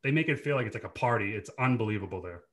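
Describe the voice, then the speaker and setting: A former hockey player in his thirties from Dorchester, Massachusetts, chats casually as a podcast guest in a Boston accent. His lowish, slightly bright voice is expressive and rapid-fire, and he's laid-back, laughing often and swearing freely.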